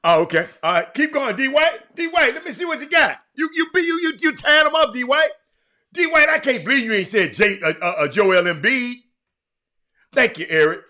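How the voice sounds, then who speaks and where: High, bright-voiced livestream host. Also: male voice, normal speed. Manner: animated, teasing the chat, frequent repeats and restarts. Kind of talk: casual livestream chat reading viewer comments.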